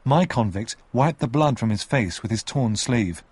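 Expressive husky male storyteller. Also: mid-range voice, normal speed, no room sound. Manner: expressive narration. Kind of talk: storybook reading.

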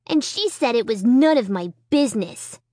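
A woman's voice: fairly high pitch, lively intonation, normal speed, dark tone, dry recording, studio quality, natural voice. A woman voicing a kid brother who is telling on his sister in a matter-of-fact way. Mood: tattling.

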